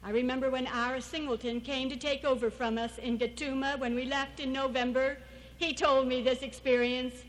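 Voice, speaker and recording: High-voiced woman telling church stories. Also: flat delivery, normal speed, poor audio. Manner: storytelling, acting out quoted people. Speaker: missionary speaker at a church gathering. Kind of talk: anecdotal church talk.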